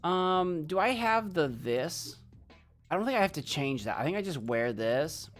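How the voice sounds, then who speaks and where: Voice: mid-range voice, big pitch swings, a little slow, faint music behind. Playful rambling game streamer. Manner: playful, rambling, talks to chat. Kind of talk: live game commentary.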